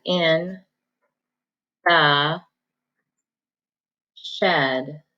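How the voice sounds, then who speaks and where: A woman teacher giving an online phonics lesson, dictating sentences slowly and sounding out each syllable. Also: fairly low pitch, a bit bright, dull audio. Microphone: recorded at a computer for students at home.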